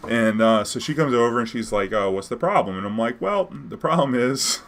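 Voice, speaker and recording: A man's voice: mid-range voice, animated, fairly quick, fairly bright tone. A young man casually telling a story in a laid-back, slangy way, laughing now and then.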